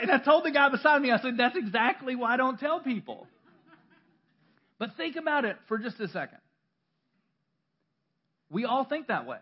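High-voiced pastor preaching conversationally. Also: male voice, breathy edge, lo-fi sound. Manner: conversational, self-deprecating storytelling with laughs and restarts. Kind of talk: sermon. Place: church.

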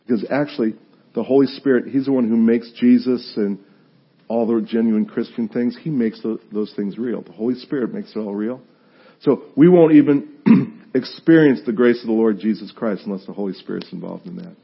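A man preaching a conversational sermon as pastor, animated and joking, acting out what his listeners might say. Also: medium pitch, normal speed, breathy edge, dull audio. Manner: animated, acts out listeners' reactions, self-deprecating humor.

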